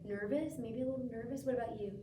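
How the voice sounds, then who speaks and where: A woman teacher reads a picture book aloud to a child, pausing for gentle questions and lifting her voice for the characters. Her voice sits a little high and is caught from across a roomy, echoing space with a light hiss behind it. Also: steady tone. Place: school room. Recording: echoey room, mic from far off.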